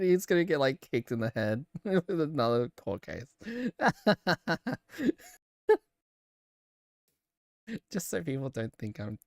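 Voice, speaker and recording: A woman's voice: low voice, sing-song, very slow, pauses often, darkish tone, no room sound, studio quality. A young woman streamer chatting casually over gameplay, laughing often and trailing off into fillers. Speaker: let's-play streamer. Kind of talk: casual gameplay commentary and reading game lines aloud. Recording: music playing under the voice.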